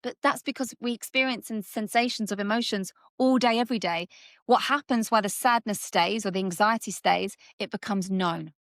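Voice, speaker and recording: A woman guest coach talking through mindset ideas in a lively, conversational way, often acting out little scenes. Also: medium pitch, moderate pace, no echo, studio quality. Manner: animated, acts out little scenes in different voices.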